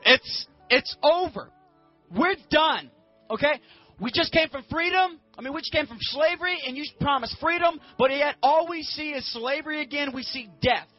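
A man's voice: extremely high pitch, muffled recording, soft background music, voice pushed up. A man acting out a crowd of scared, complaining Israelites in a comic, whiny way. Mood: panicked whining. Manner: whiny, incredulous, rapid complaining.

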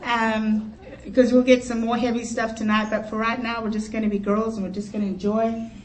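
A woman's voice: a little high, fairly quick. A woman in her fifties, a pastor's wife, telling playful, chatty, funny stories from her life at a conference luncheon. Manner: animated, playful, chatty storyteller. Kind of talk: humorous personal storytelling talk. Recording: echoey hall, voice from far off, faint crowd and noise.

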